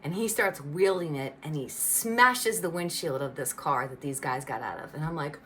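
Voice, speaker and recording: A middle-aged woman telling a personal faith testimony in a lively, chatty storytelling way. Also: low voice, normal speed, a little hiss or hum. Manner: animated, conversational storytelling with lots of "like" and "you know". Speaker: speaker giving a personal testimony.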